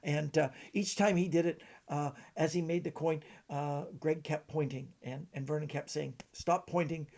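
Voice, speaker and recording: A middle-aged man from Canada, telling stories in a halting way with many fillers. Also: on the high side, steady tone, gravelly, a little mellow. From British Columbia, Canada. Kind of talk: casual storytelling.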